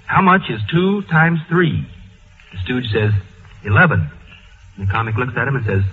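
A male comedy writer on a radio panel, telling jokes in a halting, deadpan way. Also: mid-range voice, soft background music. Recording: phone-like old radio broadcast, faint hiss.

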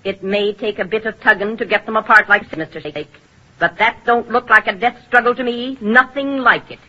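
A man's voice: sits high, moderate pace, sharp tone, full character voice. An actor playing an uneasy, deferential hired man in a 1940s radio play. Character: nervous male henchman. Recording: dull lo-fi old radio broadcast.

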